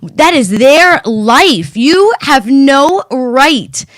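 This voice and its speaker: A woman's voice: high-pitched, very animated, drawn-out words, no echo. A woman co-hosting a podcast in casual chat, speaking emphatically with strong opinions and frequent swearing. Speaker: podcast co-host.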